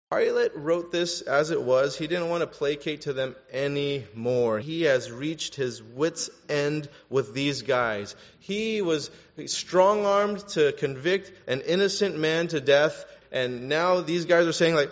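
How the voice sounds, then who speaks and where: A man preaching a sermon as a pastor, growing animated and louder to stress his points. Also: takes it slowly, hardly any pauses. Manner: animated, rises in pitch and volume for emphasis. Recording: dull lo-fi sound with long hall reverb.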